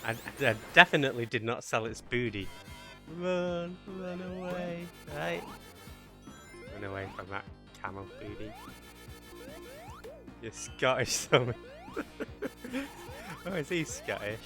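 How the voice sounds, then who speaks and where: A man's voice: medium pitch, expressive, measured pace, pauses often. Mancunian man chatting over game music. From Manchester, England. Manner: rambling, jokey banter with chat, self-mocking. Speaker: game streamer. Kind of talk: casual live-stream chat while playing.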